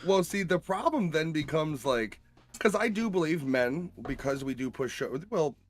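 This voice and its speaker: A man in casual chat on a livestream, telling animated, profane, jokey stories. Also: a little high, normal speed, soft background music.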